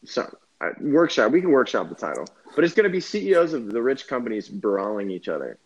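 A man's voice: medium pitch, sing-song, a little fast, breathy edge, muffled recording. A man co-hosting a casual comedy chat, making playful, absurd jokes.

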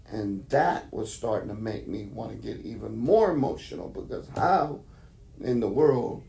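A man's voice: mid-range voice, vocal fry, mellow, a little hiss or hum. A man preacher telling his conversion testimony as a sermon, emotional storytelling that acts out the voices he heard. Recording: roomy echo.

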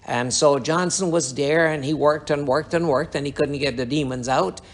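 A man's voice: fairly high pitch, normal speed. A man preaching a sermon, telling a rambling personal testimony with repetitions and restarts. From Guyana. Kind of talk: sermon storytelling.

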